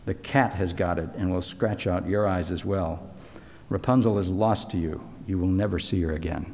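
A man's voice: low voice, fairly even intonation, moderate pace, mellow, in a large hall. A man reading the lines of an angry old witch scolding her ward, in an indignant tone, during a lecture.

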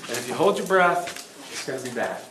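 A middle-aged man teaching a self-defense workshop, plain and practical, asking the class quick questions. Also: mid-range voice, very animated. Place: event hall. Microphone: distant room mic. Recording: echoey hall from far off, faint noise.

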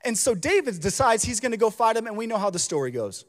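A youth pastor preaching a sermon, telling a story in an animated, casual way with slang. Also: male voice, sits high, fast. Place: church auditorium. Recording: long hall reverb.

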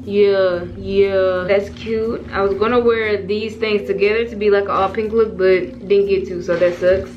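A young woman vlogger, chatting loudly and bossily and laughing a lot. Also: mid-range voice, fairly even intonation, muffled recording, faint music behind. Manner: loud, bossy, quick to laugh, slangy. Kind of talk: casual chaotic vlog banter.

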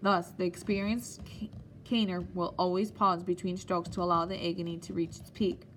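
A woman narrating an audiobook in a steady, measured storytelling manner. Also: fairly low pitch, a little hiss or hum.

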